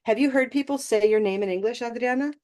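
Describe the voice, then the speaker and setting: A woman's voice: fairly high pitch, fast, darkish tone. A woman teaching an online English pronunciation class, encouraging and checking in with "okay?" often.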